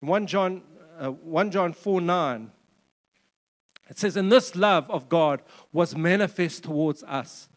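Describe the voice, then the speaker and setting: A man's voice: on the high side, slow pace, in a large hall. A man preaching a sermon in a conversational way, with joking asides and repeated words. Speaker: pastor.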